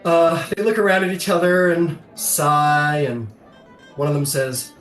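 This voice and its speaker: A man narrates a tabletop game as its game master, chatty and loose, breaking into laughter often. His voice sits a little high. The room is echoey, with faint music playing behind. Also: takes it slowly, pauses often, fairly bright tone.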